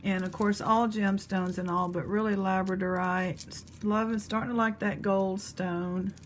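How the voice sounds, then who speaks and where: A woman's voice: mid-range voice, steady tone, moderate pace, a little hiss or hum. A woman chatting casually to viewers as she sorts through a box of old jewelry and talks to her pet. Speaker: jewelry reseller host. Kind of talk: casual unboxing chat.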